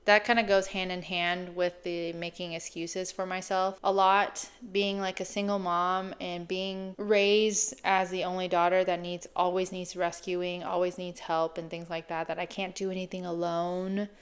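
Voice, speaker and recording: A woman in her late thirties, a fitness coach, talking casually and reflectively in a chatty, animated way. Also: lowish voice, normal speed, few pauses, clean tone. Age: 30s. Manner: chatty, animated, laughs often.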